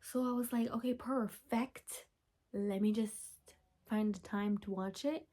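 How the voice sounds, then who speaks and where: A young woman hosting a podcast, chatting casually from home, gushing and chatty with sudden whispers and excited squeals. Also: medium pitch, normal speed. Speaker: podcast host. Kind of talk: casual chat.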